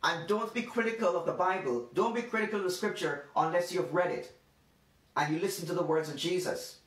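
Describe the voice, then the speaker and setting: A man with a high voice preaches a devotional sermon, leaning hard on key words and repeating them for emphasis. He sits back from the mic, and the room rings around his voice. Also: fairly bright tone. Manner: emphatic, repetitive preaching with slow stressed phrases. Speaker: pastor. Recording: roomy sound from a distant mic.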